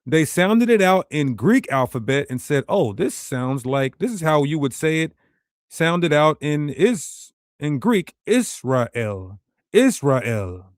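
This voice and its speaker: A man's voice: a little high, animated, unhurried, no echo, clean studio sound. Emphatic man teaching to his viewers. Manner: emphatic, rhetorical, addresses viewers directly. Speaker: ministry teacher. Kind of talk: animated teaching presentation.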